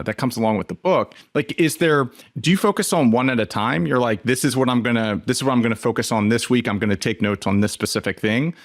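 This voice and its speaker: A man's voice: medium pitch, dry recording, clean studio sound. A man hosting a podcast interview, feeling his way through long questions with repeated words and fillers. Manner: hesitant, repeats words while forming questions. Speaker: podcast host.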